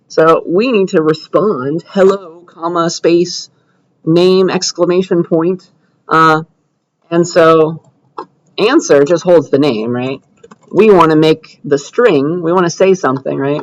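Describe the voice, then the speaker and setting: A young man lectures a class, walking through a coding demo in a relaxed, conversational way and often pausing to ask whether the room is following. His voice sits somewhat high for a man. The recording sounds dull and lo-fi, like a classroom capture. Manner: conversational, checks understanding with frequent "right?" and "okay?". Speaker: computer science lecturer.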